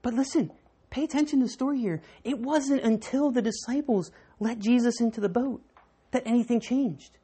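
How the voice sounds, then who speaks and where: Husky woman preaching with dramatic swings. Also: fairly high pitch, normal speed. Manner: animated storytelling with dramatic swings. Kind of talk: sermon.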